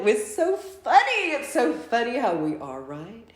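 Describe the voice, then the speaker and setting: Woman, channeled spiritual message, lively sing-song pitch, speaks as "we", roomy echo. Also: measured pace, hardly any pauses. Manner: speaks as a collective "we", repetitive and effusive.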